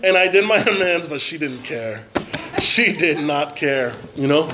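Man, personal testimony, slightly high voice, halting with fillers, faint noise behind. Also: expressive. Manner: halting, many fillers and tag questions. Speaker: member sharing at a recovery meeting.

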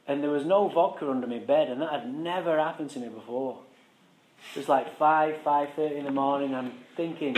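A man's voice: medium pitch, roomy sound, slight background noise, poor audio. A man frankly telling his recovery story to a live audience, swearing and joking wryly. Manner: frank, profane, wry, conversational.

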